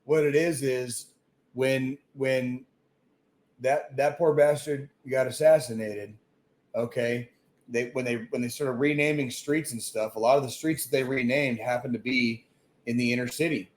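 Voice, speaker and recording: A man's voice: mid-range voice, fairly even intonation, a little slow. A man co-hosting a casual podcast who rants emphatically, swearing constantly and repeating himself. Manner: profane, emphatic ranting with repeated phrases. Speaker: podcast co-host.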